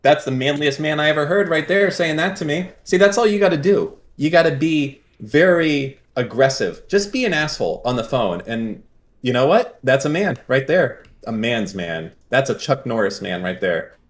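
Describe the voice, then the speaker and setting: A man's voice: fairly high pitch, lively intonation, normal speed. A man hosting a call-in stream, talking bluntly, teasing the caller and swearing often. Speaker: host. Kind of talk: casual call-in chat.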